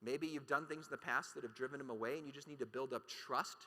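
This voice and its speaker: At a conference, a man gives an impassioned keynote in a fast, pushed, bright mid-range voice. He is emphatic and full of rhetorical questions, and the hall adds long reverb.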